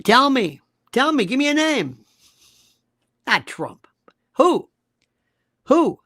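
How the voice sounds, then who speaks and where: A man's voice: very high voice, sing-song, takes it slowly, fairly bright tone, dry recording, clean studio sound. A man hosting a live-stream talk show, delivering an emphatic monologue full of repeated rhetorical questions. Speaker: host.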